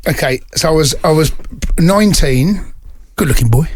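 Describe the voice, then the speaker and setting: A man's voice: fairly high pitch, lively intonation, normal speed. A middle-aged man co-hosting a podcast, telling a story in casual chat with a teasing, giggly manner. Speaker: podcast co-host.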